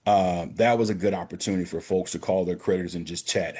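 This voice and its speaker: This is a banker giving a practical financial literacy talk on a prayer call, speaking directly to gentlemen and brothers. His deep, slightly rough voice holds a steady tone, and he moves briskly with few pauses.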